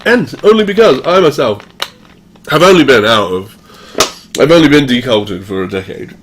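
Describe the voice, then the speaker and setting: A man's voice: medium pitch, lively intonation, moderate pace, background noise. Tipsy rambling man in his forties. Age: 40s. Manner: profane, rambling, chuckles between thoughts. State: tipsy from drinking. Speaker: livestream host. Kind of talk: rambling casual livestream monologue.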